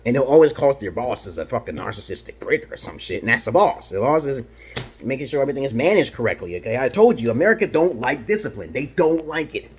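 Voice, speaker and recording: Man from Brooklyn, husky voice, swooping lively pitch, boastful profane vlog rant. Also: fast talker. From Brooklyn, New York. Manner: peppers talk with "okay?". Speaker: vlogger. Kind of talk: rambling casual monologue.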